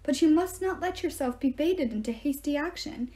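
A woman reading aloud, voicing a weary, kindly male centaur teacher who speaks calmly and gravely. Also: high-pitched, moderate pace, voice pushed up. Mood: grave, gentle. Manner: calm, gentle and grave.

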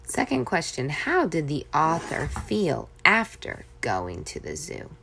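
A woman reading a short story aloud to children and asking questions about it in a very slow, deliberate way. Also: low voice, wildly swooping pitch, gravelly, fairly bright tone, a little hiss or hum. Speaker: reading teacher.

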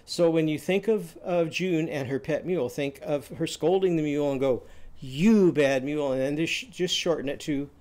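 A man teaching a phonics lesson, telling short stories and quizzing the class with loud, drawn-out vowel sounds. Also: fairly high pitch. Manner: animated, loud drawn-out vowel shouts and quiz prompts.

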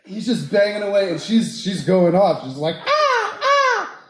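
A man's voice: sits high, moderate pace, a little mellow, reverberant. A young man doing a stand-up set, telling crude stories animatedly and firing asides at the crowd. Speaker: stand-up comedian.

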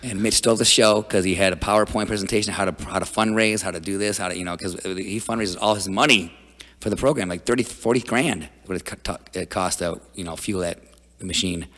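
A man talking as a podcast guest, telling stories in an energetic, rambling way with many restarts. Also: low voice, a little fast, in a large hall. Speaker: guest wrestling coach. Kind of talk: casual storytelling.

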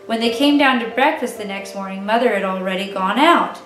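A woman narrating a children's book aloud in a gentle, clear reading voice. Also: mid-range voice, fairly quick. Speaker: storyteller. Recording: echoey room, distant mic, faint music.

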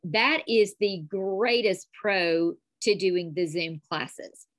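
A woman with a thick North Alabama accent chats as a podcast guest. She tells her stories with animated energy. The recording is close and dry, with no room sound. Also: medium pitch, takes it slowly, dry recording. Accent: North Alabama Southern. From North Alabama, USA. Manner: chatty, animated storytelling. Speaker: calligraphy teacher, guest. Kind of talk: casual interview chat.

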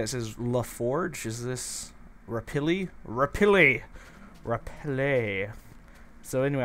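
Slow-talking playful gaming commentator man. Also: mid-range voice, fairly bright tone, slight background noise. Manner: playful, chatty, talks to the animals he meets. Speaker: gameplay commentator. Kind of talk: casual let's-play commentary.

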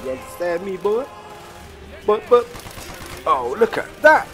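A British man giving crude, excitable let's play commentary while trash-talking enemies in a war game. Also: sits high, a little slow. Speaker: gamer. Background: game music and gunfire.

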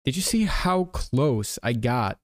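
A man streaming a game, giving soft-spoken ASMR commentary with gentle self-talk and the odd casual swear. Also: mid-range voice, lively intonation, slow, no room sound, studio quality.

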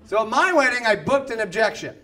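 A man doing a stand-up set in a comedy club, animated, acting out the people in his stories. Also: very high-pitched, brisk, a crowd in the background. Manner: animated, acts out voices. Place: comedy club, half full. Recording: live club with audience laughter.

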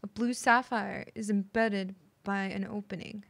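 A woman's voice: mid-range voice, steady tone, measured pace, vocal fry, slight background noise. A young woman from the United States streaming a game, goofy and casually swearing as she reads text aloud. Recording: loud game music under voice.

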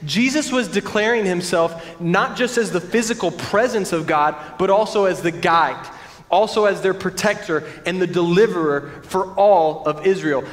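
A pastor preaching a sermon in an earnest, conversational way with frequent restarts. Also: male voice, high-pitched, moderate pace. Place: large church sanctuary. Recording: long church-hall reverb.

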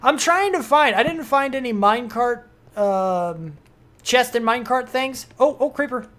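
A young adult streamer giving casual, rambling gameplay commentary, excitable and full of fillers. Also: mid-range voice, a little slow.

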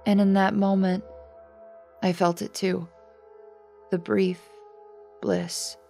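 A woman giving a scripted horror story narration in a dramatic, measured storytelling manner. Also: medium pitch, level tone, gravelly, mellow. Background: faint music.

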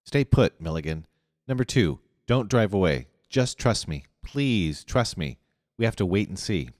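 A man voicing an earnest eleven-year-old boy who speaks with calm insistence in an audiobook. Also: sits low, measured pace, dry recording, studio quality, big-room sound. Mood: insistent.

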